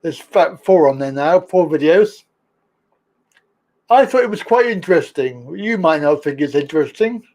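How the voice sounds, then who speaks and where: A man's voice: on the high side, animated, a little mellow. A man hosting a casual live stream, joking, chatty and laughing a lot. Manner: jokey, chatty, laughs often, slow drawl. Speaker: livestream host.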